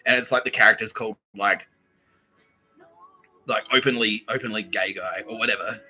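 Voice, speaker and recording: A man hosting a podcast, telling a comic story in a loose, sweary, animated way and laughing between phrases. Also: on the low side, moderate pace, long pauses, soft background music, low-quality recording. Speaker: podcast host. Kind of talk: casual comedic storytelling.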